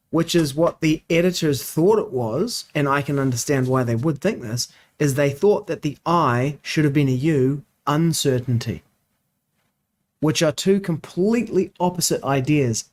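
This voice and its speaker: A man's voice: on the high side, darkish tone. A man in a casual study discussion, explaining editing details and thinking aloud with frequent restarts. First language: English. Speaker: co-host discussing scripture editions.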